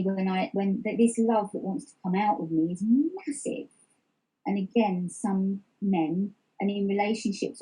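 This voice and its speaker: Middle-aged woman, very dark mellow voice, bit husky, talks openly and restarts a lot. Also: mid-range voice, rough recording. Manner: reflective, open, many restarts and fillers. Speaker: interview guest. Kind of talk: open personal interview.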